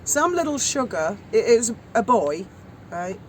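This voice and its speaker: A woman chatting casually outdoors at sunset, telling stories in a lively, anecdotal way. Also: fairly high pitch, a little slow, over a noisy crowd, rough recording. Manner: chatty storyteller. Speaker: co-host of a chat stream. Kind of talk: casual chat.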